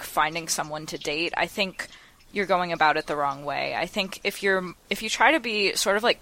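A woman co-hosting a podcast, giving thoughtful advice at a measured pace. Her voice is fairly low and has a bright, forceful edge. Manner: thoughtful, measured, with frequent fillers. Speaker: podcast co-host. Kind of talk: casual podcast chat.

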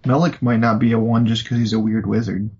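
A man's voice: fairly low pitch, level tone, a little fast, darkish tone, husky, lo-fi sound. A man co-hosting a podcast, teasing the others and steering the card talk along. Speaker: podcast co-host. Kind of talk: casual card-review chat.

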